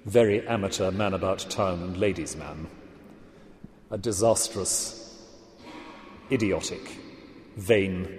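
Deliberate male lecturer in an echoey hall. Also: low-pitched, a little mellow. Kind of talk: literature lecture.

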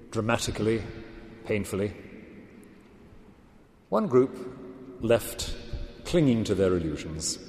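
A man giving a literature lecture, speaking deliberately and with emphasis. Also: lowish voice, mellow, reverberant, in a large hall.

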